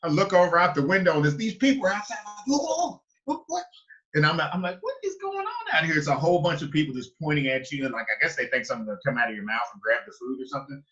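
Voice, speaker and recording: A man chatting casually and telling stories in an animated way, acting out people's reactions. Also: fairly high pitch, rapid-fire, hardly any pauses. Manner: animated storyteller, acts out reactions with loud exclamations. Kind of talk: casual chat. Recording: muffled lo-fi sound.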